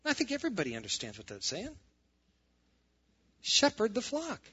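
A man's voice: sits high, huge pitch swings, fairly quick, bright, forceful tone, breathy edge, highs cut off. A man preaching as a pastor, reading scripture aloud and adding sarcastic, emphatic asides. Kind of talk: sermon.

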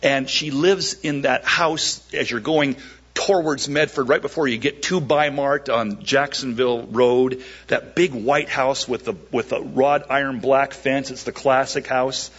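Male pastor, husky, storytelling sermon, animated and acting out voices, dull lo-fi recording. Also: medium pitch, a little slow. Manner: animated, acts out quoted voices.

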